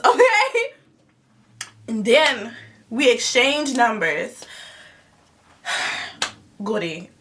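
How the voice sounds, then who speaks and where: A woman in her twenties, telling a personal story in a casual, animated and dramatic way, laughing and dropping into asides. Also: high voice, recorded from a distance, slight background noise.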